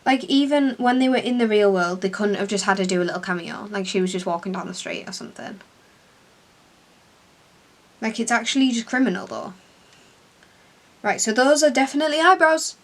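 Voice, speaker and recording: Young woman, English accent, casual makeup vlog, rambling, self-deprecating, mid pitch. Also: fairly quick, pauses often. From England. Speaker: beauty vlogger. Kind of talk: casual chat while doing makeup.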